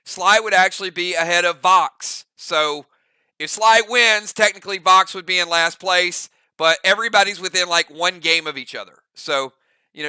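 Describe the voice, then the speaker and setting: A man hosting his gaming channel in casual chat, excited and quick to laugh, with lots of fillers and restarts. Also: fairly high pitch, smooth, no room sound.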